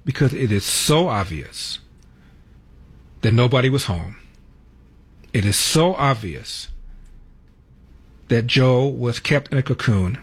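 A man's voice: animated, slow, pauses often, breathy edge. A man hosting a political talk radio show, commenting in a mocking way. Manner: mocking, mimics quotes in a high voice.

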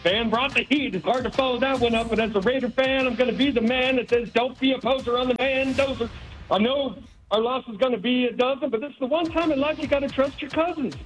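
Quiet high-voiced man rhyming on a radio call. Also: fast, faint music behind, poor audio. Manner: quiet, hard to make out. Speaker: caller.

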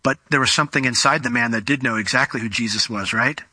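A man preaching a sermon in an animated way, slowing down and speeding up as he tells a Bible story. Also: mid-range voice, breathy edge, no room sound. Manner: animated, acts out quoted voices, varies pace.

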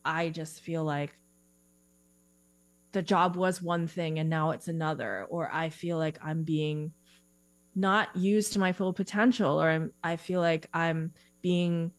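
A woman guest talking casually in an interview, animated and giggly with lots of fillers, on a remote call. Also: low voice, takes it slowly, dry recording.

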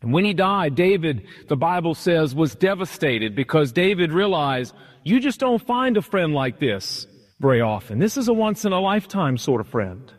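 A man pastor preaching a sermon, retelling a story with animated, emphatic repetition, in a church hall. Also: a little high, moderate pace. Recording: long hall reverb.

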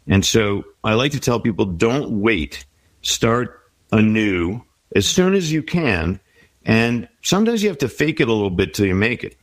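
A man's voice: on the low side, no echo. A middle-aged man in an interview, talking reflectively and giving advice. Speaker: guest. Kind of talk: interview conversation.

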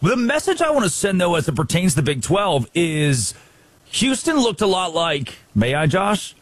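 A man co-hosting a sports talk show, debating college football in an animated, riffing way with mock quotes. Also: high voice, normal speed, husky, dry recording.

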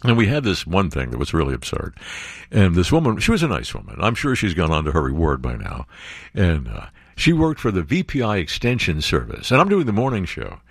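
A middle-aged man from Virginia hosting a casual talk radio show, jokey and quick to slip into mocking voices. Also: sits low, wildly swooping pitch, creaky, husky, no room sound, clean studio sound. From Virginia, USA.

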